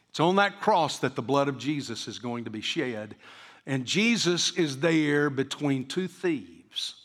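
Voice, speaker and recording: A man's voice: medium pitch, a bit bright, slightly rough, in a large hall. A man preaching a sermon to a congregation, acting out the voices of the people in his story. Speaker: pastor. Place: church sanctuary.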